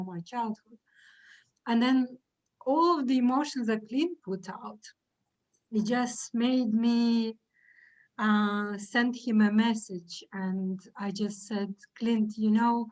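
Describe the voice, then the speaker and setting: A woman translator speaking on a video call in an earnest, halting way, with frequent pauses. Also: medium pitch, low-quality recording. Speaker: book translator. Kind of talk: casual video call chat.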